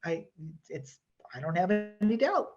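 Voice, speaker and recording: Over soft background music and dull lo-fi online workshop audio, a woman with a lowish, darkish voice and big pitch swings speaks at normal speed. She presents a hypnosis workshop in a chatty, rambling teaching style, full of fillers and restarts.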